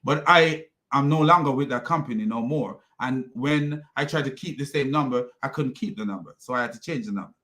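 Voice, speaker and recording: A man's voice: mid-range voice, fairly quick, hardly any pauses, pushed and bright. A man hosting a commentary video, ranting and mocking as he reacts to clips. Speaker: commentary host.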